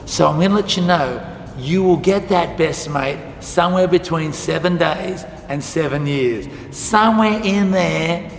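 A man's voice: on the high side, a little slow, gravelly, a little hiss or hum. A man teaching a lesson to school students, telling a story and acting out the dialogue. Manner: animated, acts out quoted dialogue. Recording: echoey hall with faint music.

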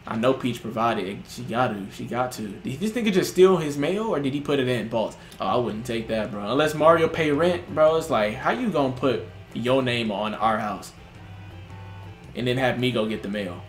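A young man talks over a game he is playing, tossing out loud, slang-heavy jokes and reactions. His voice sits at a middle pitch and carries a roomy echo. Game music plays faintly behind him. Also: animated, moderate pace. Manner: loud, joking reactions with slang and frequent laughs. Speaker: gaming streamer. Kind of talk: casual let's-play commentary.

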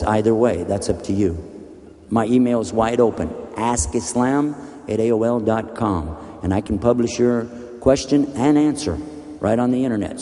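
A man's voice: lowish voice, warm tone, big-room sound. A man preaching a sermon in a direct, earnest way, speaking straight to his audience. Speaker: religious speaker.

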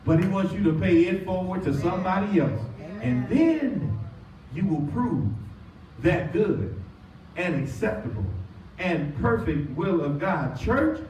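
High-voiced preaching man in echoey church. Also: big pitch swings, unhurried, darkish tone, far from the mic, a little hiss or hum. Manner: preaching with rising, emphatic calls and call-and-response. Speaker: pastor. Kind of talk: sermon. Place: church sanctuary.

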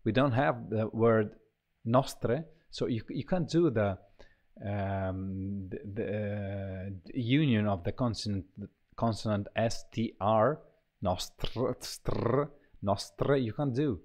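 Guy talking slow thru a choir plugin, lots of ums and restarts, lowish voice. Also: a little mellow. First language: Italian. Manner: halting, many fillers and restarts, searching for words. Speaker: composer reviewing a choir sample library. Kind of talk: casual software walkthrough.

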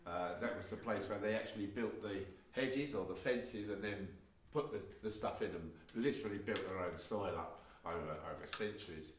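Speaking at normal speed in a lowish voice, this Englishman is a folk storyteller and performer giving a live stage introduction to folk stories at a music venue. He rambles, full of fillers and wry asides. The recording has a little hiss or hum, with an echoey hall, a distant mic, and faint guitar in the background.

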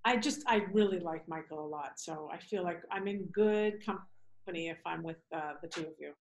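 A woman's voice: fairly low pitch, moderate pace, rough recording. Effusive American woman on a video call. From New York City. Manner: effusive and warm-hearted. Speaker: podcast guest. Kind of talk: casual video-call chat.

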